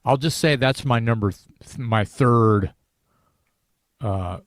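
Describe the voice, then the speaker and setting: A man's voice: medium pitch, slow, no echo, studio quality. A man in a casual podcast discussion about an album, talking in rambling sentences with many restarts and fillers.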